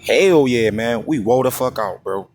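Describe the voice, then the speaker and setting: A man preaching on scripture in a coarse, heated way, reading verses slowly and drawn out and checking in with the listener again and again. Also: mid-range voice, lively intonation, a little mellow, slight background noise. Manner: constantly repeats "you see?" and "you know what I mean?". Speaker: street-style preacher.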